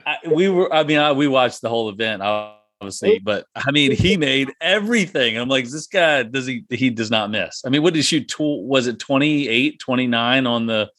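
Halting man, dry close sound. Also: mid-range voice, animated, a bit bright, no room sound. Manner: halting, searching for words. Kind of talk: casual chat.

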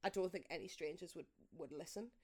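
A young woman from northeast England with a Geordie accent, co-hosting a podcast and telling animated stories with acted-out voices. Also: on the low side, quick pace, husky. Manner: animated storyteller, acts out voices, laughs often. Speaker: podcast co-host. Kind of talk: casual chat.

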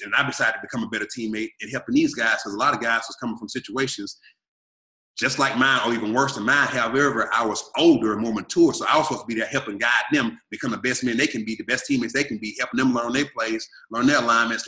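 A man in his thirties from Arkansas, telling his life story in an energetic, emphatic way and acting out what he and others said. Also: medium pitch, echoey room. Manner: energetic, repetitive and emphatic, quotes himself and others. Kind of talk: animated storytelling.

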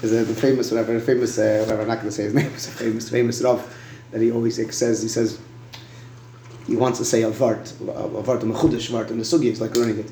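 A man's voice: medium pitch, little pitch movement, fast talker, dark tone, echoey room, a little hiss or hum. A man teaching a Talmud lesson. He stops and starts, repeats words and often asks "right?".

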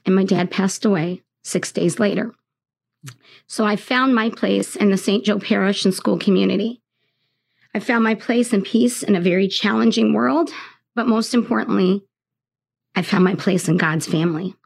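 A middle-aged woman, a teacher, telling a personal faith story in a radio interview in an earnest, halting, reflective way. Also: medium pitch, vocal fry. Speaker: third grade teacher, guest.

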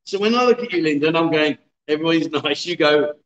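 Jokey man in his fifties, bright. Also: a little high, fast, echoey room, highs cut off. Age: 50s. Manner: jokey, laughing, chatty banter. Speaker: livestream host. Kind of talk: casual livestream chat reading viewer comments. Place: bar in a city.

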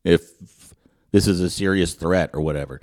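Host, male, very low voice, animated raconteur, stumbles and restarts as he acts out quotes. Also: normal speed. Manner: animated storyteller who acts out quotes, with frequent stammered restarts. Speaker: podcast host. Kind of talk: storytelling anecdote in casual chat.

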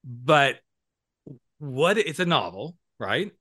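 A man hosting a casual podcast chat, telling stories lively, acting out quotes and laughing often. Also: mid-range voice, slow pace. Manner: animated storyteller who acts out quotes, laughs often. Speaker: podcast host.

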